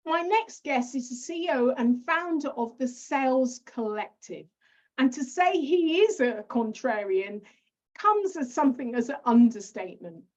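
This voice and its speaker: A middle-aged woman with a British accent hosts a podcast, her voice sitting fairly high and coming through dull, lo-fi audio. She asks her questions with enthusiasm. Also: expressive, measured pace, darkish tone. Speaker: podcast host. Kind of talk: podcast interview.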